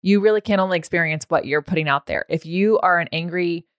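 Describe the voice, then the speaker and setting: A woman with a fairly low voice hosts a podcast in a chatty, casual way. Her speech is full of "like". The recording is dry and close. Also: quick pace, clean tone, dry recording. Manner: chatty, peppered with "like" and laughs.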